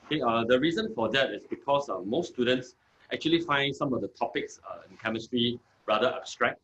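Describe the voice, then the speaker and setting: Low-fi guest teacher, a man. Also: expressive, a bit bright, dull audio. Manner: measured, many "uh" and "okay" fillers. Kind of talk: conversational explanation.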